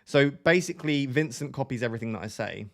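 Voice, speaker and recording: A man with a nasal voice chatting loosely through a desk microphone during a live stream. He sits at an ordinary middle pitch and hops from joke to joke. His tone is relaxed and playful as he talks to his chat. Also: quick pace, gravelly, slight background noise. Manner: chatty, jokey, drifts between topics. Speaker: fantasy football live streamer. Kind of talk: casual live stream, reading chat aloud.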